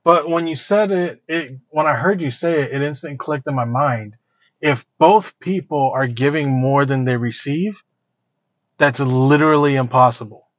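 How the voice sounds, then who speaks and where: Guy cohosting a chat podcast, thinking out loud, um-ing a lot, kinda dull dry sound. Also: medium pitch, normal speed, no echo. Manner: thinking aloud, reflective, with fillers. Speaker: podcast co-host. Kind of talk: casual chat.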